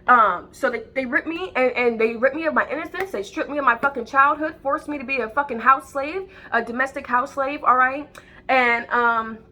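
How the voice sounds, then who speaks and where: A woman who describes herself as a psychic medium, an adult with children, rants unscripted to camera. Her voice sits high, pushed and bright, and she rambles heatedly and profanely with many restarts.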